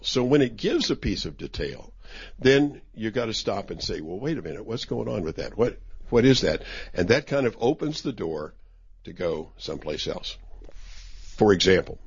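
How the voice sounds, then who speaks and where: A man's voice: sits low, creaky, breathy edge. A man giving an informal Bible study talk in a conversational, wry way, with many restarts. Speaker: teacher. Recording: dull lo-fi recording.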